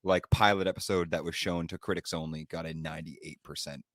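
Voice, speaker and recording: A man's voice: deep voice, steady tone, a little fast, a bit bright, no echo, clean studio sound. A man co-hosting a podcast, chatting with enthusiasm. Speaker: podcast co-host. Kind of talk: casual chat.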